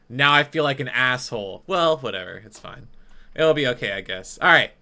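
A man streaming a life-sim game, chatting casually and bursting into mock-outraged shouting. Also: medium pitch, expressive, moderate pace. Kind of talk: let's play commentary.

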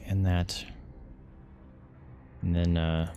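A man's voice: deep voice, level tone, extremely slow, warm tone, a little hiss or hum. A young man commenting as he plays a strategy game, reading its text aloud and swearing. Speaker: gaming channel host. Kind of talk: let's play commentary.

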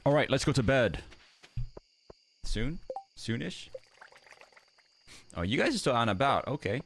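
A man's voice: medium pitch, measured pace, vocal fry, a little hiss or hum. A tired man streaming a game, chatting casually and playfully with his viewers. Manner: rambling, playful, easily excited. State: tired, sleepy.

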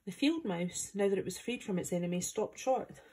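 A woman from Scotland reading a chapter of a children's book aloud, in steady, plain storytelling. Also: medium pitch, fairly quick, breathy edge. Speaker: volunteer reader.

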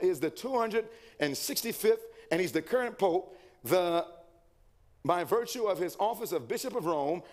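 A man preaching a sermon, asking the congregation questions, answering them himself and reading quotations aloud. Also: high voice.

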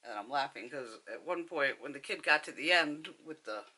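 A woman's voice: sits low, expressive, normal speed, sharp tone, breathy edge. A woman beauty vlogger telling a blunt, profane story with frequent laughter while doing her makeup.

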